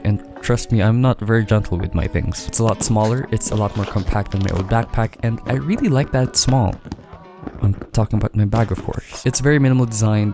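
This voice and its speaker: A man's voice: fairly low pitch, dark tone. A young man, chatting casually as a student vlogger and dropping self-deprecating jokes. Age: 20s. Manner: joking, self-deprecating asides. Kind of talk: casual vlog chat. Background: faint background music.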